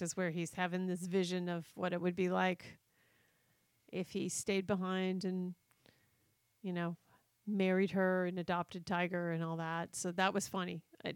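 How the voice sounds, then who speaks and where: A woman's voice: lowish voice, vocal fry, clear, resonant tone, no echo. Laid-back woman chatting movies, lots of ums, dry close sound. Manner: relaxed, hesitant, quick to laugh. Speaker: podcast co-host. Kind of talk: casual movie chat.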